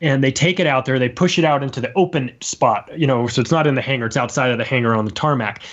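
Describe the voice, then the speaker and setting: A man's voice: mid-range voice, quick pace. Storytelling man, muffled lo-fi audio. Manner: animated, acts out quoted voices. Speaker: guest. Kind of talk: casual storytelling.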